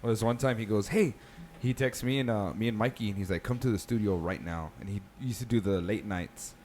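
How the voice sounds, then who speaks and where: Profane, animated male podcast co-host. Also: on the low side, brisk, slight background noise. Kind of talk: casual chat, storytelling.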